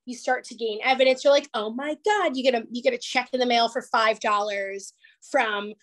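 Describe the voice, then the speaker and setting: A woman's voice: fairly high pitch, normal speed. Candid, emotional woman telling her story. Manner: candid, emphatic storytelling with swearing; emotional, close to tears at times. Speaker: guest life coach. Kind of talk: podcast interview.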